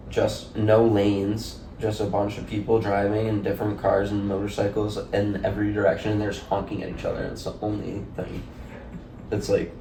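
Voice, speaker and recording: A man's voice: fairly low pitch, vocal fry, mellow. A young man, a podcast guest, telling a loose, rambling story with lots of "like" and laughter. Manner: rambling, laughing, heavy use of "like". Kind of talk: casual storytelling. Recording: echoey room, distant mic, faint noise.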